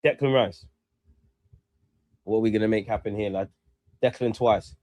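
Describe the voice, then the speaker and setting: A young man giving excitable live commentary on a match, calling out to players and the referee and swearing. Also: on the low side, moderate pace, dry recording. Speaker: football fan streamer.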